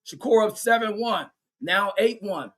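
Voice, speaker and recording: A man giving excitable, profane fan play-by-play of a boxing match on a livestream, cheering one fighter on and reading viewer chat aloud. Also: high voice, a little slow.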